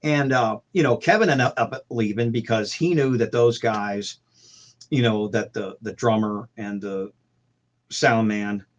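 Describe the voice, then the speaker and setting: A man's voice: on the low side, measured pace, muffled recording. A man on a video call, telling rambling anecdotes about his band days in casual chat, full of restarts and fillers. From St. Louis. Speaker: guest musician.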